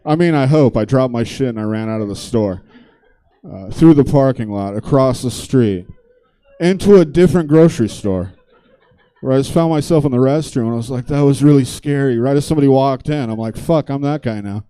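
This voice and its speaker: A man's voice: mid-range voice, animated, brisk, dark tone, clear, resonant tone. A man doing stand-up comedy, telling a long story in a loose, conversational, profane way on a theater stage.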